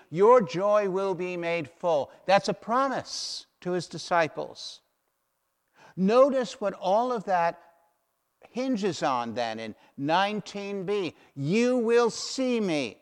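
Slow, emphatic male preacher in echoing hall. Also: sits high, clear, resonant tone. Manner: emphatic, repeats key phrases. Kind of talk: sermon. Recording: long hall reverb.

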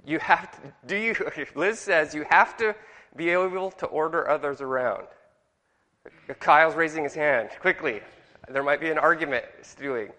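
A man's voice: a little high, moderate pace, bright, forceful tone. A middle-aged man teaching a Bible class in a jokey way and asking the room questions. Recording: long hall reverb.

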